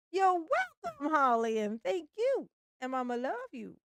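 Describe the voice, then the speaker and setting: A woman's voice: high voice, sing-song, slow pace, no echo, studio quality. A woman hosting a casual livestream commentary, chatty and swearing freely, often breaking into laughter.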